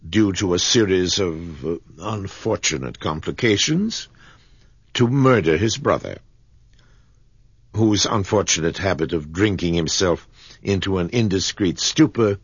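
A man narrating a story in a measured, expressive reading. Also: low-pitched, slightly rough, no room sound, dull audio.

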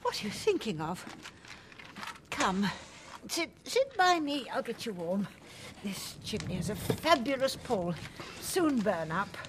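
A woman's voice: on the high side, very animated, slow, noisy background. Dora: a passionate older woman. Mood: emphatic. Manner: passionate, emphatic, sweeping. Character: spirited older woman recalling a bitter old love. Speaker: character in a radio drama. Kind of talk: radio drama acting.

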